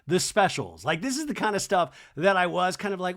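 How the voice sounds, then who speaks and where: A man hosting a casual recap podcast, rambling through the story with lots of fillers. He tosses in wry asides, and his speaking voice sits a touch high for a man. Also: normal speed. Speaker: podcast host.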